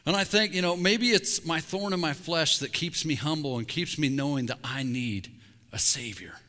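A middle-aged man, a pastor, preaching a sermon with candid, intense confessional asides, dropping to a hush on key words. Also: fairly high pitch, normal speed. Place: church sanctuary. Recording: long hall reverb.

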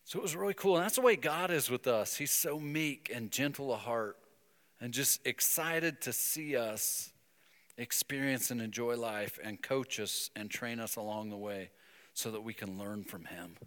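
A man preaching a sermon, telling a story and breaking into emphatic, animated bursts. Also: medium pitch, normal speed, in a large hall. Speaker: pastor.

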